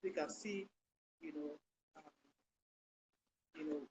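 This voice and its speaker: A woman hosting a Christian health talk show, speaking in a lively, sermon-like way with loud bursts for emphasis. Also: deep voice, slow, slight background noise, low-quality recording. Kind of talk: live online talk show, preachy storytelling.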